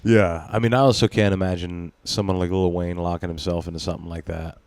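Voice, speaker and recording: Low-voiced man in rambling podcast banter. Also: fairly even intonation, quick pace, a little mellow, no echo. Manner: rambling, profane, laughs often. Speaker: podcast host. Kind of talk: casual chat.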